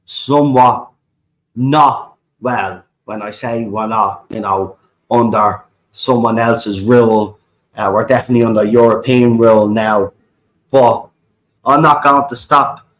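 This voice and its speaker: A man's voice: medium pitch, fairly even intonation, measured pace, a bit bright, rough recording. An Irish man hosting a livestream, ranting with fiery passion, swearing often and repeating himself. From Ireland. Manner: fiery, repetitive, swears often, keeps asking "right?". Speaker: livestream host. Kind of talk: impassioned livestream rant.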